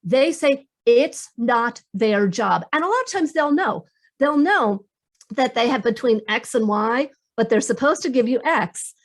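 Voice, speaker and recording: A woman career coach talks through salary negotiation in an interview. Her voice sits a little high, and she is enthusiastic, acting out quoted dialogue with lively shifts. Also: unhurried. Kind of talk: podcast interview, giving advice.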